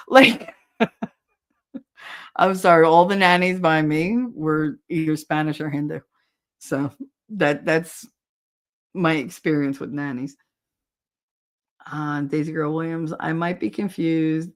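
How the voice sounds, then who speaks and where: A woman's voice: deep voice, steady tone, slow pace, long pauses. A woman from New Jersey hosting a casual livestream, reading chat comments, blunt and swearing and often laughing. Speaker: host.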